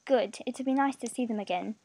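A woman's voice: on the high side, quick pace, vocal fry, dark tone, low-quality recording. A woman voicing a weary, wounded young man who speaks tiredly and wryly. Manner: tired, dry.

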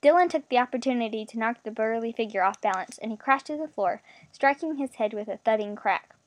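A woman narrating a story aloud, reading with expression. Her voice sits somewhat high. The recording is close and dry, with no room sound. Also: a little fast, no room sound.

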